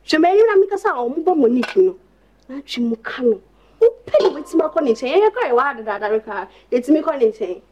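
A woman's voice: sits high, expressive, fast talker, warm tone, muffled recording, a little hiss or hum. An actress playing a defensive, quarrelsome young woman in a film scene.

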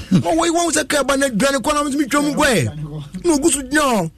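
A man's voice: very high-pitched, big pitch swings, fairly quick, a bit bright. A man, telling a long story in a casual chat and laughing often as he goes.

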